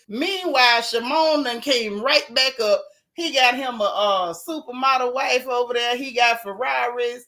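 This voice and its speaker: A woman with a bright, forceful, fairly high-pitched voice hosts a casual gossip chat at a moderate pace. She tells her stories to live viewers in an animated, joking, folksy way.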